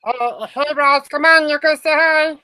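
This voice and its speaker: A woman hosts a goofy online talk show, rambling and giggly as she jumps from thought to thought. Her voice sits high and bright, with a sharp edge to it. It is recorded close and dry. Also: fairly even intonation, a little slow, no echo. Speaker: host.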